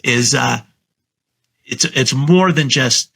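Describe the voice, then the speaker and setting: A middle-aged man, a guest real estate agent, talking casually in a podcast interview and confidently coaching how he pitches to sellers. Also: slow pace, gravelly, sharp tone, breathy edge. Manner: confident, coaching tone, acts out his sales pitch.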